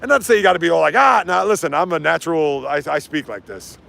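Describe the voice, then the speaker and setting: A man hosting a casual sports livestream outdoors while walking, ranting and reading chat comments in an animated way. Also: fairly high pitch, fast, gravelly.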